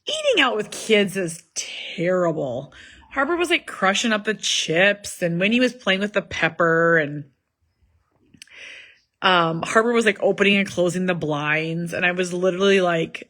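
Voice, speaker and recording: A woman's voice: fairly low pitch, lively intonation, measured pace, fairly bright tone. A woman in her thirties talks through a family story at home in a loose, chatty vlog. She rambles, circles back and fills gaps with likes and ums. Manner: rambling, chatty, many fillers and asides. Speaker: vlogger, mother of an autistic son. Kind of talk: casual family vlog chat. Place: home in the evening.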